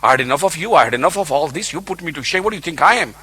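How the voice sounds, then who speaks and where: Sulky fed-up prophet guy, low and grumbly, as a preacher acts him. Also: expressive, racing, sharp tone, husky, full character voice. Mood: bitter. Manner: bitter, stubborn complaining. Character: sulking, angry male prophet begging to die.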